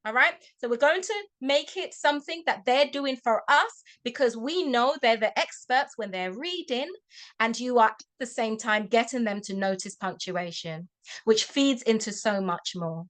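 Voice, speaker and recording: A woman tutor speaks to a group of parents over a video call, with a fairly high voice. Her talk is chatty and encouraging, and she keeps checking in with a quick "okay?". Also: lively intonation, a bit bright.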